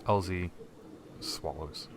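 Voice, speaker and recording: A man running a tabletop game, speaking slowly in a low, bright-edged voice with a faint hiss behind him. He sounds laid-back and chuckles as he describes the scene. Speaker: game master.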